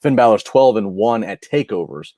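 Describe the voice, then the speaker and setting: A man co-hosting a wrestling podcast, giving an animated match recap in casual chat and often restarting his sentences. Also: fairly low pitch, normal speed, no room sound, studio quality.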